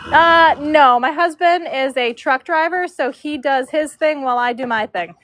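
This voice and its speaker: A woman's voice: high voice, normal speed, a bit bright, slight background noise. A woman in her forties who braids horses, chatting casually on a livestream, answering viewer comments and cooing to her dog in a horse barn. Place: horse show barn stall.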